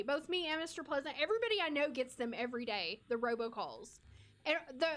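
A woman's voice: high-pitched, a bit bright. A woman from the United States streaming a life-sim game, chatting casually with viewers and talking to the characters.

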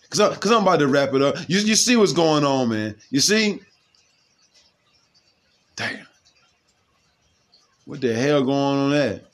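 A man with a high-pitched voice reads headlines aloud at a slow, deliberate pace, then breaks into loose, rambling commentary. He keeps circling back with repeated tags and questions to his listeners, in a casual, conversational delivery. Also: a bit bright. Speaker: news commentator.

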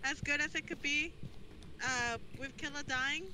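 A woman's voice: sits high, fairly even intonation, unhurried, bright, forceful tone, a little hiss or hum, poor audio. A woman streaming a ghost-hunting game, chatting casually, giggling often and greeting viewers. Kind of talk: casual gameplay chat.

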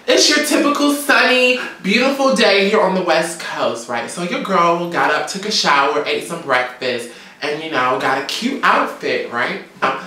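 A woman's voice: low-pitched, distant mic. Sassy woman in an echoey room. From Georgia, US. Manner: sassy, animated, profane storytelling. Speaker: vlogger. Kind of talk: casual storytime rant. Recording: very echoey room, away from mic.

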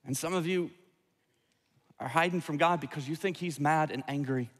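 A man's voice: on the high side, normal speed, long reverb tail. A man preaching a sermon as pastor, earnest and repeating words as he restarts phrases. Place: large church sanctuary.

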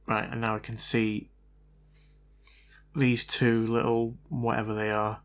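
A man's voice: mid-range voice, level tone, slow pace. A man talking through a repair as he works, thinking aloud and often unsure of himself. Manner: hesitant, unsure, self-doubting. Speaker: hobbyist repair vlogger. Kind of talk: casual thinking-aloud commentary.

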